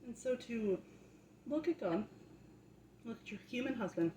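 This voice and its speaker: An animated young woman with a warm, highish voice tells her faith testimony unhurriedly from home as a vlogger. Her easy, chatty storytelling grows fervent and preachy, and "right?" comes up often. The room sounds echoey, with a faint hum of background noise.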